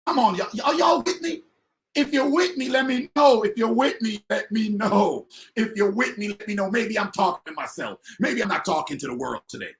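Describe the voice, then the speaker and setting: A man delivers a motivational business talk in a high-pitched voice. His delivery is emphatic and repetitive and swings between loud bursts and quiet stretches. The pitch leaps around with animated energy. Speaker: motivational speaker and business coach. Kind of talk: fired-up motivational talk to an online audience.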